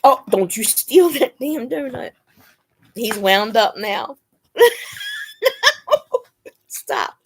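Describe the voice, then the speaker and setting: A woman's voice: a little high, lively intonation, slow, pauses often, husky. A woman hosting a casual live chat, chatting to viewers and cooing to her dog between laughs. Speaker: live stream host.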